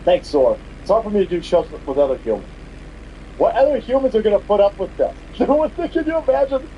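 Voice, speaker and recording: A man's voice: sits high, lively intonation, a little fast, dull audio, a little hiss or hum. A man hosting a podcast, delivering an angry, profane, mocking political rant. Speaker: podcast host.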